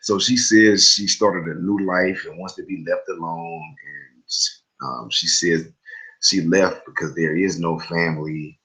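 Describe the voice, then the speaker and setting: A man with a very low voice talks through a TV episode in a relaxed, conversational recap. He rambles a little, drops fillers and side comments, and keeps it informal. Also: measured pace, low-quality recording. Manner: chatty, loose storytelling with fillers and asides. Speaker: TV recap host.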